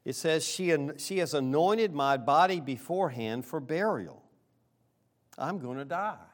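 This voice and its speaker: A middle-aged man preaching a sermon, earnest, rising on key lines and dropping low for quiet asides. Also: lively intonation, unhurried. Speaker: pastor.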